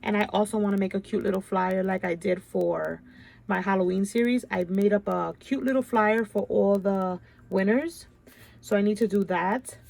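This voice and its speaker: A chatty woman shows off her crafts in a casual, gushing vlog voice. She sounds stuffed up, and her mid-pitched voice has a gravelly fry running through it. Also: normal speed, darkish tone. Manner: gushing, chatty, keeps saying "you guys". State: stuffy nose. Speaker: craft channel host. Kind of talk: casual show-and-tell chat.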